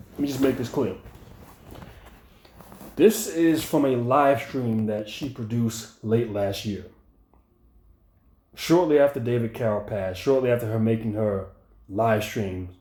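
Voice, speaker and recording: A man's voice: mid-range voice, unhurried, pauses often, warm tone. A man hosting a commentary video, ranting in a profane, heated and mocking way. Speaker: commentary channel host. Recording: echoey room.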